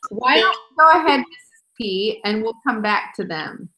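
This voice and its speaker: A woman's voice: on the high side, animated, moderate pace, sharp tone, poor audio. Woman hosting an online gathering. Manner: friendly, inviting guests to speak. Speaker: host. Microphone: video call.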